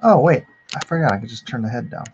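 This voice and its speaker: Speaking fast at medium pitch, a man chats casually with viewers during his drawing livestream; the recording is muffled with a noisy background. He stays relaxed, reading the chat out loud and laughing at what he sees.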